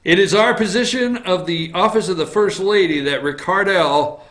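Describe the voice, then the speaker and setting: Bright-voiced teasing male talk host. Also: sits high, moderate pace. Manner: wry, teasing, jumps between news items. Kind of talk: casual opinion talk show. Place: office.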